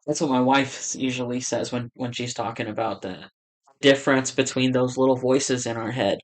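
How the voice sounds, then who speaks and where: A male pastor talks through a song in a loose, reflective reaction, his voice sitting at an ordinary middle pitch. He pauses to let things sink in, then reacts with quiet exclamations. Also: fairly even intonation. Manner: reflective, breaks into soft exclamations. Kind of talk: casual reaction commentary.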